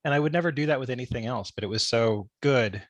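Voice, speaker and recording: A man's voice: medium pitch, fast talker, dry recording. A man hosting a food podcast, chatty and prone to laughing anecdotes. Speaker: podcast host. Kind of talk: casual interview conversation.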